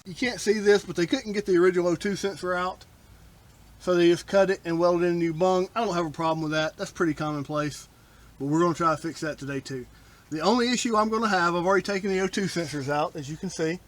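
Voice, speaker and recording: A man's voice: sits high, quick pace. A man explaining his own car repair outdoors in a blunt, wry, casual how-to style, grumbling about shoddy work. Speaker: DIY car repair vlogger. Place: outdoors working on a Jeep.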